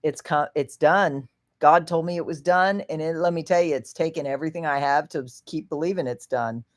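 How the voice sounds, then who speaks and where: A woman hosting a casual livestream, a little tipsy, rambling, laughing often and swinging from hushed to loud and excited. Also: low-pitched, fairly quick. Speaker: livestream host.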